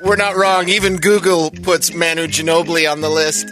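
Man, radio co-host, quick playful comebacks, somewhat high, bright voice. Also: steady tone, faint music behind. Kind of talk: casual sports radio banter.

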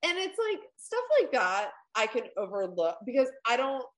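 A woman's voice: a little high, sing-song, moderate pace, poor audio. A woman co-hosting a podcast in casual chat, rambling with many fillers and swearing. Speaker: podcast co-host.

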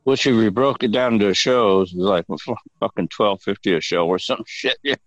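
An older male guest with a very low voice tells meandering, profane stories and laughs easily as he talks. The sound is dry, with no room around him. The recording is dull and lo-fi. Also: moderate pace, dry recording. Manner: rambling, profane, chuckling storyteller. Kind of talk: casual storytelling interview.

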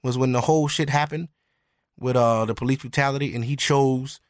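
A man co-hosting a podcast, chatting casually and profanely about sports, animated and quick to mimic athletes. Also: medium pitch, dry recording, clean studio sound. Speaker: podcast co-host.

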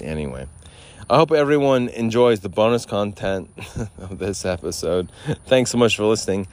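A man's voice: lowish voice, animated, normal speed. A man hosting a podcast outdoors, ranting in a sardonic, profane, rambling way. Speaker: podcast host. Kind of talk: casual profane rant.

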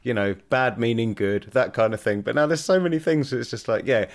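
A man in a casual chat, laid-back and agreeable. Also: mid-range voice. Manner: laid-back, agreeable, quick to laugh along.

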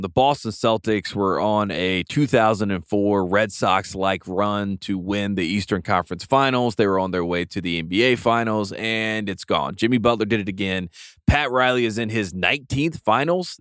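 Male podcast host, resonant and low, easygoing chat with lots of "um"s. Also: clean tone, no echo, clean studio sound. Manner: relaxed, with frequent filler "um"s. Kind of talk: casual sports chat.

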